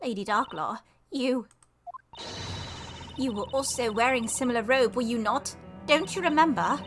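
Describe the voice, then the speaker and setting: A woman's voice: fairly high pitch, a little slow, close to an everyday voice. A woman voicing an earnest young girl with solemn, old-fashioned phrasing in a game playthrough. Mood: accusing. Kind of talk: voicing game dialogue while streaming. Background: game music.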